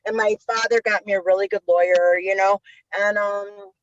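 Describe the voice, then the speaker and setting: A woman guest on an interview, telling stories in a casual, animated way and acting out quotes with lots of swearing. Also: mid-range voice, moderate pace, dry recording. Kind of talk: casual storytelling. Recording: dull lo-fi sound.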